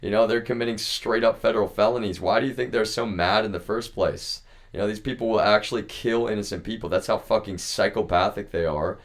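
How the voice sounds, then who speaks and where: A man's voice: on the low side, fairly quick. A man livestreaming, ranting angrily and profanely at the people he blames, repeating himself as he goes. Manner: profane, heated, repetitive. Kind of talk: angry ranting stream talk.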